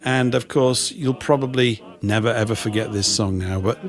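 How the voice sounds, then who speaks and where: A man's voice: medium pitch, moderate pace. A man co-hosting a live show, chatting casually and mocking himself a little. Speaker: co-host. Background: faint music.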